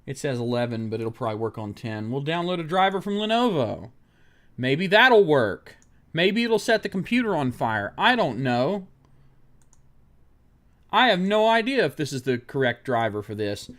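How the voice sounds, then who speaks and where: Male streamer fixing a laptop, profane and fed up, pitch all over the place. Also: big pitch swings, moderate pace, a bit bright. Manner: exasperated, profane ranting at the screen; mutters technical steps under his breath. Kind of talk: live-stream tech commentary.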